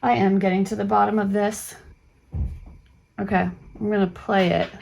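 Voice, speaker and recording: Middle-aged woman homeschool host, gravelly, mid-pitched, chatty and meandering. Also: little pitch movement, normal speed, darkish tone, slight background noise. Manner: rambling, with frequent fillers and restarts. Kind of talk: casual talk-through of a reading primer.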